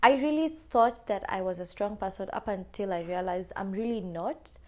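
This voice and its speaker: A young woman with a Kenyan accent telling a personal story on a podcast, animated and casual, mixing in Swahili slang. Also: mid-range voice, moderate pace, muffled recording. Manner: animated, switches between English and Swahili slang.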